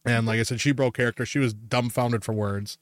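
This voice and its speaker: A man's voice: medium pitch, steady tone, fairly quick, no echo. A man hosting a podcast, telling stories in a rambling, profane way and laughing often. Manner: rambling storyteller, swears freely and laughs a lot. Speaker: podcast host. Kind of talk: casual chat.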